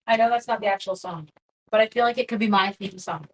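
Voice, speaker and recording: A middle-aged woman hosting a casual live craft class, chatty and quick to laugh at herself. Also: mid-range voice.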